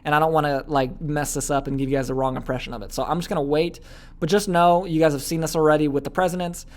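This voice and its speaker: Fast-talking male sales coach. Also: fairly high pitch. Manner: fast, energetic, checks in with "okay?" often. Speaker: business coach. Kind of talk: online sales training lesson.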